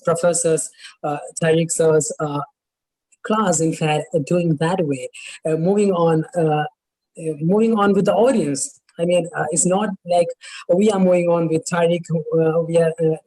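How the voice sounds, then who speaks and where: A woman's voice: fairly low pitch, warm tone, poor audio. A woman moderating a webinar over a video call, speaking hesitantly with many filler sounds.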